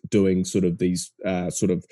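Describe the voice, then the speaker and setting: A man's voice: deep voice, unhurried, dry recording. A man in his thirties with a New Zealand accent, a filmmaker guest talking casually with hesitant fillers. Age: 30s. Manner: relaxed, hesitant with many fillers. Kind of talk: casual podcast chat.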